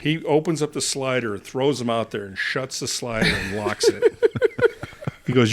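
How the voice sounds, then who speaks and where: A man's voice: medium pitch, normal speed. A man, a former college football player and podcast guest, telling a profane locker-room anecdote and acting out the quotes. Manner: profane, animated anecdote teller who acts out quotes. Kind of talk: casual storytelling.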